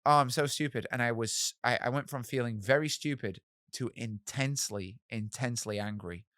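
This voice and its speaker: A man in his thirties, a musician guest telling animated stories in an interview and acting out the voices of people he quotes. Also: medium pitch, normal speed, dry recording, clean studio sound. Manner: animated, acts out quoted voices, swears casually. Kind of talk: storytelling in a podcast interview.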